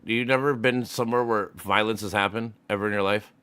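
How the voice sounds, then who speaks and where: A man's voice: on the low side, steady tone, fast, sharp tone, smooth, no echo. A man streaming a casual voice chat, arguing heatedly, swearing often and repeating himself as he presses his point.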